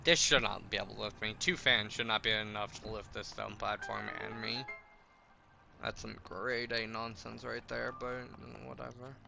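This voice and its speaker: A man's voice: on the low side, level tone, normal speed, creaky, music in the background. A man giving casual, rambling commentary on his own gameplay, wry and chatty. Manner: rambling, wry, talks to himself while playing. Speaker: gaming streamer.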